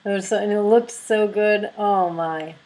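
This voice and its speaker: Gushing, excitable woman vlogger. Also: mid-range voice, measured pace, low-quality recording. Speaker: video blogger. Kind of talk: casual storytelling vlog.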